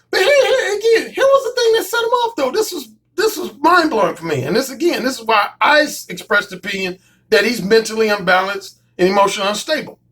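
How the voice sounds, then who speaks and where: A man talking straight to his viewers as a dating coach, his voice swinging up and down in a lively, animated way. He hammers his points home by repeating phrases and cursing without holding back. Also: extremely high pitch. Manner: emphatic, repeats phrases, swears freely. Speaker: dating coach and YouTube commentator. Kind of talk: casual storytelling monologue.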